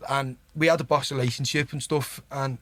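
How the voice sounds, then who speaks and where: A man's voice: medium pitch, steady tone, a little fast, a bit bright, no echo. Chatty Liverpool man telling stories. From Liverpool, England. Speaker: podcast guest, singer. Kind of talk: casual storytelling chat.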